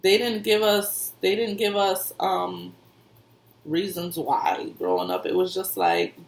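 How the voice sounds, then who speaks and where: Woman giving spiritual advice, conversational, gravelly voice, roomy echo. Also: on the low side, expressive, takes it slowly, slight background noise. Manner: conversational, repeats herself, laughs often. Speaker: intuitive reader and medium. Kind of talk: casual spiritual advice talk. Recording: echoey room.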